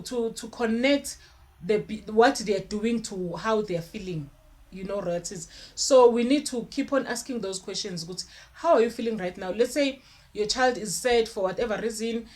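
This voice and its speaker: A young adult woman, talking casually to camera with parenting advice, earnest and repeating herself as she gathers her thoughts. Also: on the high side. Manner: earnest, repeats words, mixes in Zulu fillers. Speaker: parenting vlogger.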